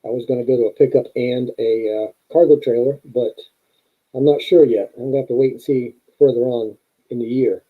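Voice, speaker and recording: A man from North Carolina answers questions as a guest on a live stream, plain and matter-of-fact. His voice is husky, and it comes through a tinny, phone-like line. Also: mid-range voice, fairly even intonation, fairly quick. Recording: tinny phone-like call audio.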